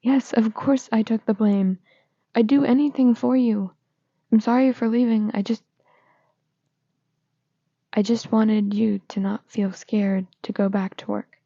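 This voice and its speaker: A woman reading the lines of a gentle young man comforting his partner, in a soft, pleading way. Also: fairly high pitch, fairly even intonation, measured pace, gravelly, pauses often, dry recording. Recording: slightly dull lo-fi recording.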